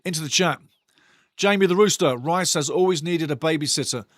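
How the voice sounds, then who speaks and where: A man hosts a live football watch-along, calling the action and chatting with viewers in a casual, foul-mouthed way. His voice sits a little high for a man, and it is recorded close and dry with no room sound. He gets sharply louder whenever the play heats up. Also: brisk, dry recording. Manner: excitable, blunt and foul-mouthed, swearing freely; bursts louder at big chances. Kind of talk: casual live football commentary and chat reading.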